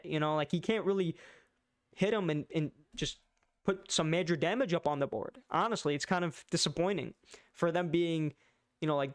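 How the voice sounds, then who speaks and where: A man walks through the latest manga chapter in loose, slangy commentary, stumbling over his words and leaning on fillers. His voice sits a little high and comes across smooth and clear. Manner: casual slang, frequent fillers and stutters. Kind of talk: casual chapter-recap commentary.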